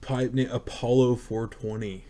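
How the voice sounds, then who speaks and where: A mid-pitched man chats loosely on a livestream podcast, relaxed and laughing easily. He reads bits from the chat as he goes. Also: a little slow, crowd noise. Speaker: podcast co-host.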